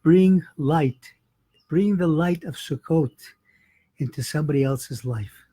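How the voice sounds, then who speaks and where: A man's voice: a little high, takes it slowly, dark tone, husky, no room sound. A man, a rabbi, telling a holiday story in a folksy, conversational sermon.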